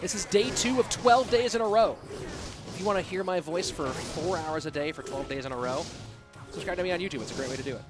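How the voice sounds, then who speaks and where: A man casting an online game tournament live, calling plays in a chatty, excitable way and thanking viewers from the chat by name. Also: high voice, quick pace. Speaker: esports caster and streamer. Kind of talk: live game commentary mixed with chat reading. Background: background music.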